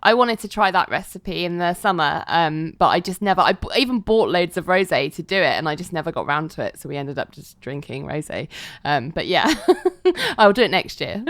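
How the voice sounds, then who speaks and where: Animated woman chatting on a podcast. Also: on the low side, no room sound, clean studio sound. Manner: expressive, quick reactions. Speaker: podcast co-host. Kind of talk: casual chat.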